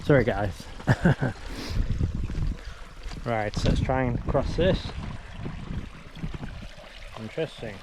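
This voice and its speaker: A man vlogging as he hikes across open moorland, chatting in a relaxed, rambling way with plenty of "you know". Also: medium pitch, extremely slow, pauses often. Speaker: hiking vlogger. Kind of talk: casual chat to camera while walking. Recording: loud wind noise outdoors. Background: wind and outdoor ambience.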